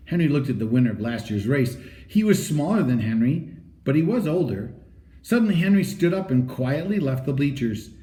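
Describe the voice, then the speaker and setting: Expressive male storybook reader, roomy sound. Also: mid-range voice, a little fast. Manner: animated, expressive read-aloud. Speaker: audiobook reader. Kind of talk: storybook narration. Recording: roomy echo.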